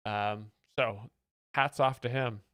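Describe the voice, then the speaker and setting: A man's voice: medium pitch, steady tone, takes it slowly, a bit bright, clean tone, no echo. A male host giving dry, mock-analytical commentary on a comedy clip. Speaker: host explaining jokes.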